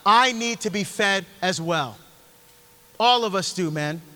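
A man's voice: high-pitched, lively intonation, a little slow, pushed and bright. A middle-aged man preaching a conversational, emphatic Catholic sermon, speaking directly to his listeners in a church. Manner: emphatic, direct, talks straight to the audience. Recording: long hall reverb.

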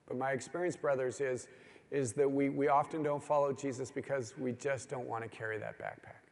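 A middle-aged man preaches a sermon to a gathering of men, telling stories with earnest, rising, pleading emphasis. His gravelly, mid-range voice keeps a steady tone at a fairly quick pace, with long hall reverb around it.

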